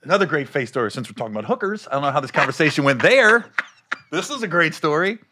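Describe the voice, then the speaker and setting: A man's voice: fairly high pitch, quick pace, no room sound, studio quality. A man, a comedian, chatting casually and acting out quotes from his own stories. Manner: animated, laughing, acts out quotes. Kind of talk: casual storytelling chat.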